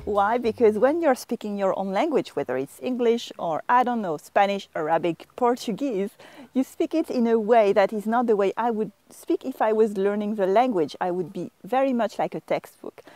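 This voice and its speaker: A woman's voice: mid-range voice, animated, moderate pace, warm tone, dry recording. A woman with a French accent, a native French speaker, teaching an online language lesson and demonstrating phrases with playful intonation.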